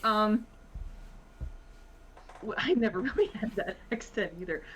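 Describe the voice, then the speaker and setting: A woman with a Virginia accent, a guest in a casual talk, rambling with many pauses and fillers and laughing often. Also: medium pitch, a bit bright, slightly rough. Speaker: podcast guest. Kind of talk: casual conversation. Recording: muffled lo-fi audio.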